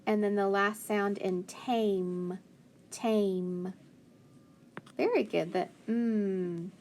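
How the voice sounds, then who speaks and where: Slow, patient woman phonics teacher. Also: mid-range voice, darkish tone, slight background noise. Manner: slow, clear sounding out of letters. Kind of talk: phonics lesson for children.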